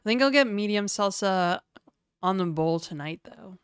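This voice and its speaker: A woman's voice: mid-range voice, animated, unhurried, smooth, no echo, studio quality. A woman streaming live, chatting casually and rambling while reading out chat messages.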